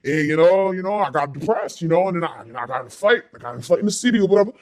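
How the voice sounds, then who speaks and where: A woman's voice: fairly low pitch, animated, racing, darkish tone, pitched below the performer's own voice, natural voice. A woman doing a boozy rambling neighbor guy. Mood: maudlin rambling. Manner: rambling, repeats himself with many fillers. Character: boozy middle-aged male neighbor, rambling, self-pitying.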